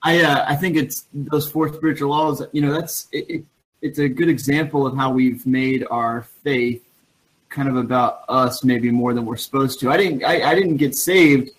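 A man's voice: medium pitch, steady tone, moderate pace, rough recording. Earnest plainspoken man caller. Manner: earnest, plainspoken, some stammers. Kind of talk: casual talk radio call.

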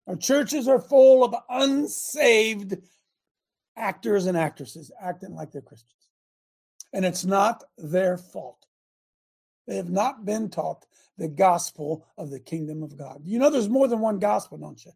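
An older man hosting a talk radio show, delivering a fiery, repetitive preachy rant that rises to shouts. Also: high-pitched, animated, unhurried, vocal fry, slightly rough.

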